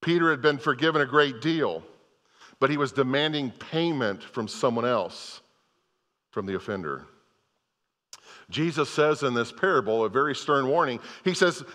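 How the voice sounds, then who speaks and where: A man's voice: medium pitch, expressive, normal speed, fairly bright tone, long reverb tail. An older man preaching a sermon, telling a parable as a story and often restarting his phrases. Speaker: pastor.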